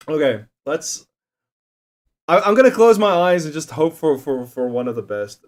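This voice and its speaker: A man's voice: fairly high pitch, animated, measured pace, pauses often. A young man chatting casually on a livestream, swearing and joking as he reads out quiz options. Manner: profane, jokey, reads quiz options aloud.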